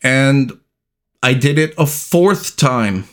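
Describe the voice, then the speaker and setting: A middle-aged man hosting a podcast, telling a personal story in a slow, deliberate way with long pauses. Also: medium pitch, animated, a bit bright. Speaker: podcast host.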